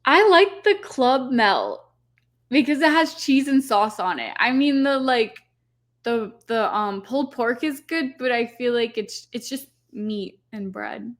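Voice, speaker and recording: A woman's voice: a little high, expressive, a little slow. A woman in her twenties, raised in the American South, chatting casually as a podcast guest and laughing often. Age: 20s. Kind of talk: casual chat.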